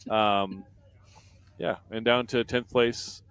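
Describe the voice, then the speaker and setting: A man's voice: on the low side, steady tone, slow, fairly bright tone, clean tone, dry recording. A man doing live race commentary from a booth, reading out team standings and viewer comments in a chatty way.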